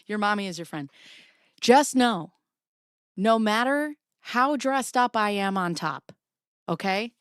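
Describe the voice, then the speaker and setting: A woman's voice: medium pitch, expressive, slow pace, pauses often, clean tone, no echo, clean studio sound. A woman hosting a casual livestream from her home basement, chatty and profane, often laughing as she reads documents and talks to her chat. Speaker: livestream host. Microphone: camera pointed at herself.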